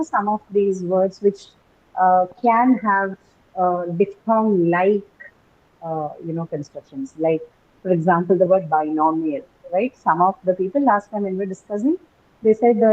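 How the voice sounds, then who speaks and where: A woman teaching an English phonetics class, explaining step by step with many ums and rights. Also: mid-range voice. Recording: muffled lo-fi audio.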